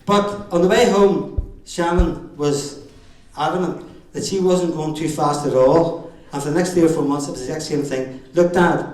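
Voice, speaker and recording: Northern Irish dad, very echoey hall. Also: male voice, on the high side, fairly even intonation, normal speed, few pauses, darkish tone. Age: middle-aged. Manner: jokey storytelling with chuckles. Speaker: father of the bride giving a speech. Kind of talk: wedding speech anecdotes. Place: wedding reception hall. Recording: very echoey hall, far from the mic.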